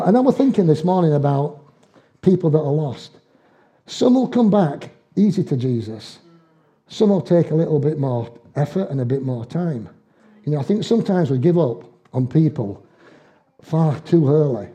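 An older man preaches in a folksy, storytelling way, slipping into dialect and chuckling as he goes. His voice is very mellow and dark in tone, though it sits a little high in pitch. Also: expressive, moderate pace. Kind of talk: sermon.

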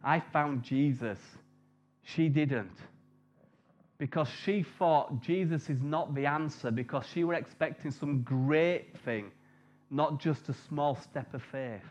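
Male preacher, light high voice, jokey storytelling sermon, muffled lo-fi sound. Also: takes it slowly, a little mellow. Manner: chatty, jokey, tells personal stories. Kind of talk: informal sermon. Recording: dull lo-fi recording.

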